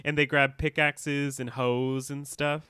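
Bright-voiced chatty man, dry close mic. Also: medium pitch, flat delivery, unhurried, smooth, no room sound. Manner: chatty, laughs often, quotes characters. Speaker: podcast co-host. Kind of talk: casual recap chat.

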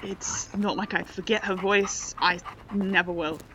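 A woman's voice: medium pitch, fairly even intonation, a little slow, slight background noise, lightly acted, poor audio. A woman playing a haunted, grieving student. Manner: shaken, soft-spoken, snapping when frightened. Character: haunted young adult, grieving and jumpy. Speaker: college student.

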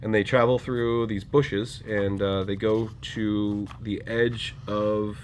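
A man's voice: on the low side, takes it slowly, slight background noise. A man co-hosting a podcast, casually retelling a comic book story and acting out its lines. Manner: animated retelling, acts out character lines. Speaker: podcast co-host.

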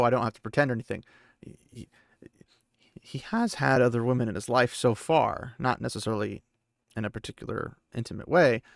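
Male podcast host, gravelly and casual, dry close sound, rambling book recap. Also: medium pitch, no echo. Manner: chatty, rambling, with fillers.

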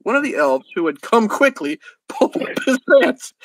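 A man with a high voice reads a crude comic story aloud for his podcast, chuckling at it and stumbling on the odd word. The sound is dry and close, with no room around him. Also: expressive, normal speed, a bit bright, no echo, poor audio. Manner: laughing at his own reading, stumbling over words. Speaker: podcast host.

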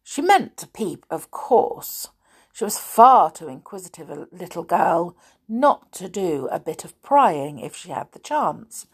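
Female storybook narrator, expressive, unhurried, lively intonation. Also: lowish voice, breathy edge. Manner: expressive, animated. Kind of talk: storybook read-aloud.

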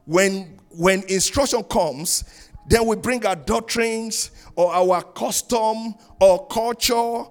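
A man preaching a sermon, swinging between loud sung-out lines and quiet asides. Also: high-pitched, slow pace, soft background music. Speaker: pastor. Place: church in Canada.

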